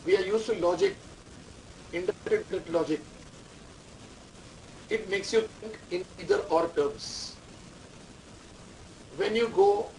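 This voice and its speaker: A man with a high, darkish voice delivers a management lecture in class, repeating key terms, quizzing students, and dictating instructions. It's recorded on a distant mic with faint room noise.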